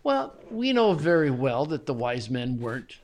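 A middle-aged man talking as a guest in a casual interview, animated and often chuckling, with frequent restarts. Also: mid-range voice, normal speed. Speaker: Bible translator guest.

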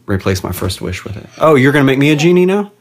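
A man's voice: mid-range voice, very animated, fast, a little hiss or hum. A man from Oklahoma, a dad co-hosting a podcast, chatting casually and playing along in goofy make-believe games. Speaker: podcast co-host, father. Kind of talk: casual playful chat.

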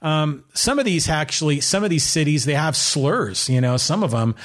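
A man's voice: a little high, lively intonation, moderate pace, fairly bright tone. A man hosting a podcast in a casual, rambling way, full of ums, restarts and little chuckles. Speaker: podcast host.

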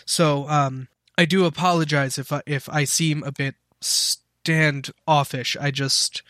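A scatterbrained male professor, excitable about his work and quick to apologize, as a game master puts him on. His speech is bright and hesitant, recorded in a dry, close setting. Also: a little high, no room sound. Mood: apologetic. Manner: flustered, apologetic, trailing off.

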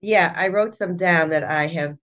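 An older woman, a children's author and guest, retelling her book's plot in a casual, animated way with laughs. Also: lowish voice, normal speed. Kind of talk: casual storytelling interview.

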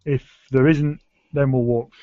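A man's voice: mid-range voice, steady tone, a little slow, no room sound. A man playing a tabletop game, chatty and plainly declaring his character's actions. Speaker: player. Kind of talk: casual tabletop game play. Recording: dull dry lo-fi sound.

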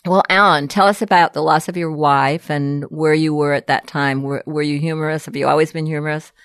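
A woman's voice: low-pitched, steady tone, a little fast, no echo. An older woman hosting a radio talk show in a studio, upbeat and enthusiastic.

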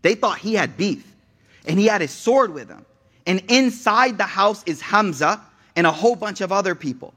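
Young male preacher, high voice, animated and off-the-cuff, talks straight to the audience. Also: moderate pace. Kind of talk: casual sermon.

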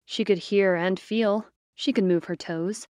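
A woman narrating a short story in a measured, expressive reading. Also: mid-range voice, no room sound. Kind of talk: scripted fiction narration.

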